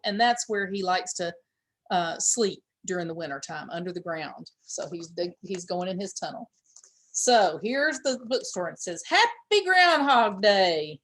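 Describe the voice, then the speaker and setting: A woman teaching pre-K, reading a picture book aloud and explaining words with simple questions for small children. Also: medium pitch.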